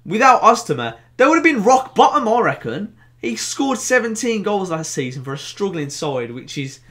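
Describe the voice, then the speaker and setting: A young man with a Birmingham accent hosting a casual football vlog, animated and jokey, with bursts of excitement. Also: sits high, normal speed. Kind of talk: casual to-camera football chat.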